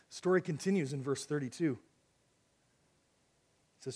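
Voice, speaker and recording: A man preaching a sermon and reading scripture, emphatic, with casual fillers and restarts, his voice swinging from loud exclamations to hushed lines. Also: mid-range voice, moderate pace, long pauses, husky.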